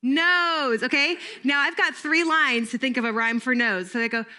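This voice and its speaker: A woman's voice: high-pitched, normal speed, pushed and bright. A middle-aged woman giving a playful camp training talk to volunteers, laughing often and breaking into made-up jingles.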